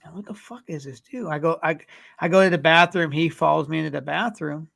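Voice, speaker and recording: A man's voice: a little high, a little fast, creaky, fairly bright tone. A man co-hosting a podcast, telling a rambling, profane story in casual chat. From California. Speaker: podcast co-host.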